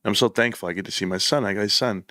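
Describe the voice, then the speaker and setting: A man's voice: on the low side, fast, bright, forceful tone, dry recording, clean studio sound. A man hosting his own political commentary show, speaking with impassioned, emphatic feeling and repeating phrases as he builds up. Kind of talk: opinionated commentary. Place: room set up for the show.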